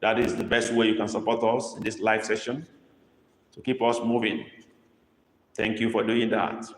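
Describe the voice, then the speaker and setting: A man teaching a live-streamed language lesson, coaxing students and repeating each prompt slowly. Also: fairly low pitch, level tone. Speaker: language tutor. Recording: echoey room with long reverb.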